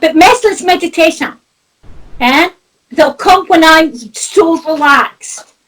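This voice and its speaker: A woman's voice: very high voice, takes it slowly, a bit bright, poor audio. A middle-aged woman from north-east Scotland with a Doric accent, a psychic medium telling stories in a chatty way, laughing often and swearing. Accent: north-east Scottish (Doric). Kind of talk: casual chat.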